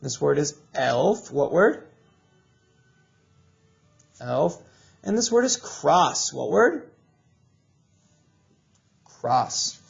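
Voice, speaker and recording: Slow, gravelly male reading teacher. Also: on the high side, big pitch swings, highs cut off. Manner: slow, drawn-out call-and-response drilling. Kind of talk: recorded reading lesson for children.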